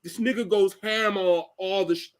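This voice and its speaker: A man recovering from a cold, chatting profanely on a podcast, laughing and loudly mimicking others. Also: high-pitched, fairly even intonation, normal speed, crowd noise. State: recovering from a cold, voice partly lost. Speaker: podcast co-host. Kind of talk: casual chat.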